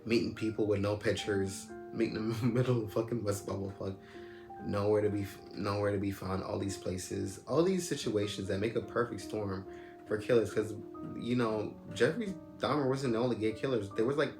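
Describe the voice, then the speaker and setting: A man's voice: on the low side, normal speed. Rambling young man, roomy sound. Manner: rambling, heavy use of "like" and "you know what I'm saying". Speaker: storyteller recounting a personal experience. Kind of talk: casual personal storytelling. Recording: roomy echo with loud music behind.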